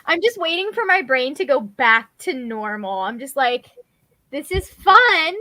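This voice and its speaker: A young woman hosts a relaxed reading chat on a video call. Her voice sits high and bright, close and dry. She talks in a chatty, self-deprecating way. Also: moderate pace, no echo. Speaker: host. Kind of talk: casual chat on a group call.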